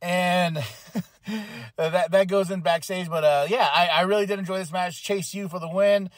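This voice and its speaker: A man hosting a podcast, recapping a wrestling show in a casual, chatty way and acting out lines in quick voices. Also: sits high, fairly even intonation, no echo, studio quality. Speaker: podcast host.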